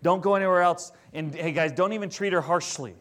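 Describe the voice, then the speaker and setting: A man's voice: high-pitched, brisk, a bit bright. Protective man, as a preacher puts him on, casual, reassuring, plain voice.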